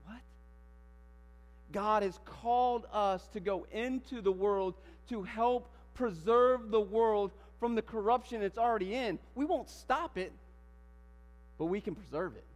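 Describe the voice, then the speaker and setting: A man preaching a sermon in a church, animated, firing rhetorical questions and building to emphatic declarations. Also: high-pitched, a little slow, faint music behind. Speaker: pastor. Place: church sanctuary. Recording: long hall reverb with mains hum.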